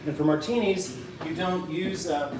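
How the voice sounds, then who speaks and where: A man's voice: a little high, moderate pace. A man hosting a casual home cocktail show from his kitchen, joking and rambling with lots of fillers. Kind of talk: casual cooking chat.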